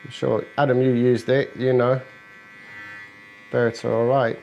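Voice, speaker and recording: A barber talking a viewer through a fade haircut while he works. He is a man with a medium-pitched voice, explaining each clipper guard and angle in plain words. He keeps up easy joking banter with his client in the chair, and a faint electric-clipper buzz runs underneath. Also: flat delivery, measured pace, vocal fry, a little mellow, lo-fi sound, a little hiss or hum. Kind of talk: hair-cutting tutorial narration with client chat. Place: barbershop, indoors.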